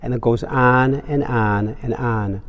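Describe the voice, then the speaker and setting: Priest preaching in a reverberant cathedral. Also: male voice, mid-range voice, slow. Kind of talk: homily with a joke.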